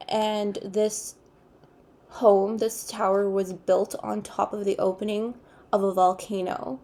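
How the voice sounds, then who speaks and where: A woman reads tarot cards in an unhurried, earnest voice with a noticeable gravelly fry underneath. She sits at a middle pitch for a woman and circles back over her spiritual phrases again and again. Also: level tone, mellow. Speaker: tarot reader. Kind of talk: intuitive tarot card reading.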